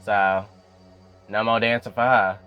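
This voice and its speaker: A man's voice: fairly low pitch, steady tone, measured pace, clean tone, phone-quality sound, soft background music. A young man giving a casual recap of a TV episode. He talks in a chatty way, full of "you know" fillers, and acts out bits of the dialogue. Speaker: YouTube show recapper.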